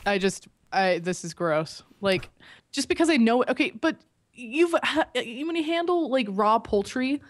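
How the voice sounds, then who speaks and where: A woman's voice: a little high, expressive, unhurried. A young woman co-hosting a casual podcast chat, squeamish and giggly, often trailing off mid-sentence. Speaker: podcast co-host.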